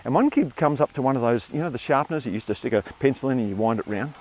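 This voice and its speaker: An older man with an Australian accent, a former teacher telling a story live on a theatre stage, animated and acting out the voices of the people in it. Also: medium pitch, racing.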